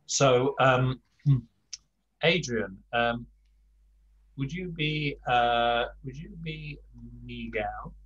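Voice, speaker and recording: An older man teaching a Spanish class over a video call, talking slowly with many fillers and restarts. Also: mid-range voice, a bit bright, dull audio. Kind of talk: online language lesson.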